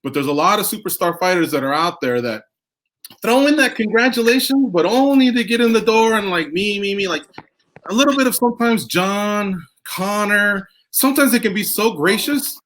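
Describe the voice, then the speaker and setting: A man's voice: high voice, animated, moderate pace, a bit bright, a little hiss or hum. A man hosting a radio show, talking in a loose, rambling, casual way and swearing freely. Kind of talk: casual chat.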